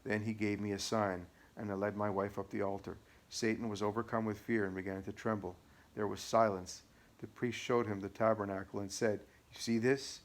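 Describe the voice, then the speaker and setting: A man narrating an audiobook in a measured, matter-of-fact way. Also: on the low side, flat delivery. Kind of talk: audiobook reading.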